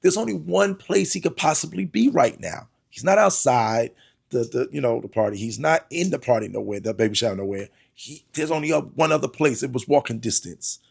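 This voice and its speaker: A man's voice: mid-range voice, animated, a little fast, vocal fry, husky. A middle-aged man, a pastor, earnestly telling a personal testimony, often repeating words and calling listeners "y'all".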